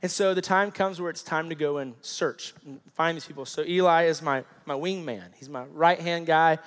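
A fairly high-voiced man in his thirties preaches by way of a personal story, casual and animated, scattering fillers as he goes. His voice carries a long reverb from a big hall. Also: moderate pace. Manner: animated, conversational with many fillers. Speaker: pastor. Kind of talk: sermon storytelling.

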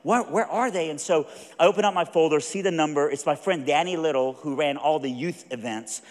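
A man preaching a sermon with a Southern American accent, telling a story in an animated, folksy way and acting out the other voices. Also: on the high side, a little fast. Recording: long reverb of a large hall.

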